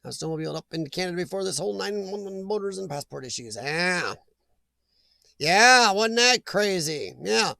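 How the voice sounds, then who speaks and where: A man's voice: high voice, lively intonation, moderate pace, gravelly, pushed and bright, no echo. A middle-aged man hosting a live chat stream, rambling and joking as he reacts to viewers' comments.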